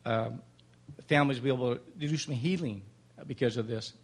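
A man's voice: mid-range voice, fairly quick, husky. An older man in his seventies, a Vietnam veteran, giving an emotional, plainspoken public comment at a city council meeting.

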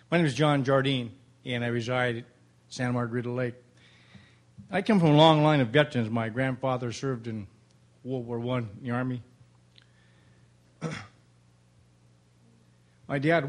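Older guy talking at a council mic, folksy and plainspoken, gets emotional. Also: medium pitch. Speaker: public commenter at city council. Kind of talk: public comment speech.

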